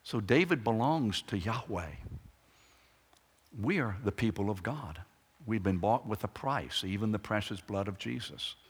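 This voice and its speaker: A man's voice: fairly low pitch, animated, a little slow, slightly rough. A man preaching a sermon with emphatic phrasing and rhetorical questions to the congregation. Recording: echoey hall reverb.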